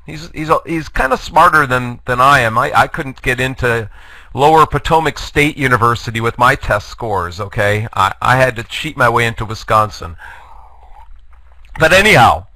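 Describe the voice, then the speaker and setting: A man's voice: fairly high pitch, pushed and bright, dry recording, low-quality recording. A man giving a live online lecture, jokey and self-deprecating, rallying the audience to take part. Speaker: guest lecturer. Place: online webinar.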